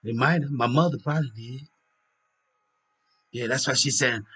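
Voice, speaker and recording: A man's voice: medium pitch, moderate pace, pauses often, bright, forceful tone, slightly rough. A tired, yawning man rambling through a casual monologue for his own video, repeating himself and murmuring asides. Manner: repetitive, drifting, with murmured asides. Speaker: vlogger.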